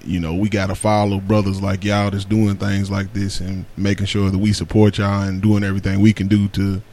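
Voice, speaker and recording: A male radio host with a low voice. He speaks in a flat, even tone and mostly affirms his guests in casual talk. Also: fairly quick, a little hiss or hum. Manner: affirming, agreeable backchannels. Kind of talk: casual talk show hosting.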